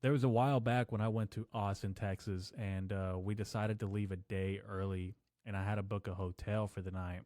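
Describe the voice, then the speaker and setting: A man hosting a solo podcast, rambling through profane stories and deadpan jokes. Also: fairly low pitch, fairly quick, few pauses, no room sound, studio quality. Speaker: podcast host. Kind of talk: casual solo podcast rant.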